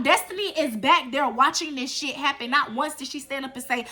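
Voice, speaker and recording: Bright, animated young woman telling a story. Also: high voice, moderate pace, few pauses. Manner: animated, profane, emphatic retelling. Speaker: storytime vlogger. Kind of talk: casual storytelling.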